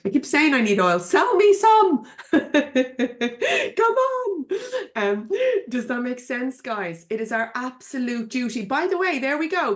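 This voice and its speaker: An Irish woman giving a live coaching webinar from her computer at home, chatty and frank, laughing often and swearing casually. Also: fairly high pitch. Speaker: business coach.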